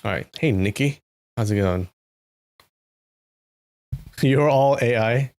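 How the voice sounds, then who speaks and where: A man's voice: mid-range voice, takes it slowly. A man hosting a live stream, chatting casually with his viewers and greeting them by name. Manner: chatty, greets chat by name, animated asides. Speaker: live-stream host reading a novel.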